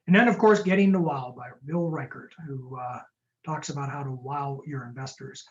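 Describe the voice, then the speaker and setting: Fast-talking jokey man on a webinar. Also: medium pitch, dull audio. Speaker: startup lawyer presenting a webinar. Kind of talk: webinar talk with Q&A. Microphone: video call.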